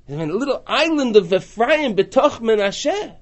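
A man with a high, very lively voice lectures to a class. He swings widely in pitch and loudness, and he acts out the lines of the people he quotes. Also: measured pace, few pauses. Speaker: teacher. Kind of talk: lecture on a biblical book.

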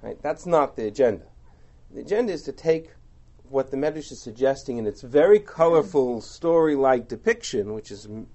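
A man leads a text study class, explaining passage by passage with rhetorical asides. His pitch moves in a lively, animated way. His tone is warm and mellow. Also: moderate pace, dull audio. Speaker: teacher.

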